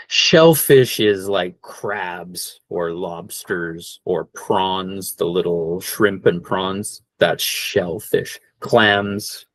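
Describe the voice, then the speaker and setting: A man teaching an online English class, slowly repeating each word and checking in with "okay?". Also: fairly low pitch, no room sound. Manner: slow, repeats words for practice, frequent "okay?".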